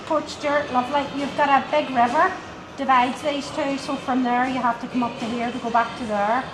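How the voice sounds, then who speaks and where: A woman's voice: high-pitched, steady tone, moderate pace. Helpful woman pointing out places, echoey. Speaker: local giving directions. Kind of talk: casual conversation. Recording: echoey with loud background noise.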